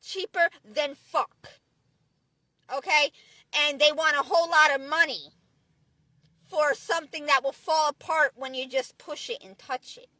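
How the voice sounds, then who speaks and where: High bright woman ranting angrily. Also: fairly even intonation, normal speed, no room sound. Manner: profane, preachy, repetitive restarts. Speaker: vlogger. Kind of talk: angry ranting monologue.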